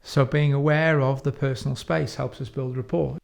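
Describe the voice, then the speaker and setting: A man from the United Kingdom explains coaching ideas in a calm, instructive way. He keeps his pitch in an ordinary middle range and slows his delivery to lean on the key words. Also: gravelly. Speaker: coach trainer. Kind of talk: explanatory teaching talk.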